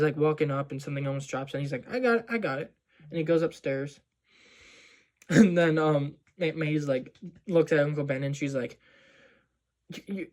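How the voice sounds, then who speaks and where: Male movie vlogger, slightly higher voice, rambling casual recap full of fillers. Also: darkish tone.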